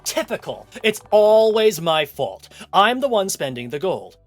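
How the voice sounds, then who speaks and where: A pompous, blustering husband, as a streamer puts him on in an indie game. He huffs in outrage, and his voice leaps high and low. The pitch sits in a middling range. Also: sing-song, normal speed, a bit bright, slightly rough, faint music behind. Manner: indignant, huffy exclamations. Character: pompous blustering married man.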